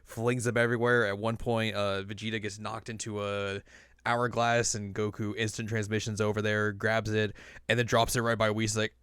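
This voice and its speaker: A young man hosting a casual podcast, recapping an anime episode and acting out the characters in high, silly voices. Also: flat delivery, moderate pace, a bit bright, clean tone, no room sound, clean studio sound. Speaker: podcast host.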